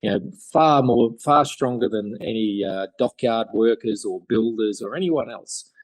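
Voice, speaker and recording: A man's voice: fairly low pitch, unhurried, no echo. A middle-aged Australian man telling stories in a podcast interview, rambling with many fillers and restarts. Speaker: guest chairmaker.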